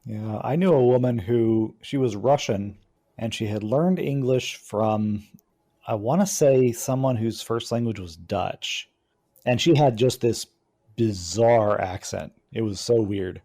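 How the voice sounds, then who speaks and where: A man with a mellow, relaxed voice talks casually on a podcast, wandering through his stories with lots of ums and restarts. His pitch sits in a plain middle range. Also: a little slow. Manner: rambling, hesitant storyteller with many fillers. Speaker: podcast co-host. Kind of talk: casual chat.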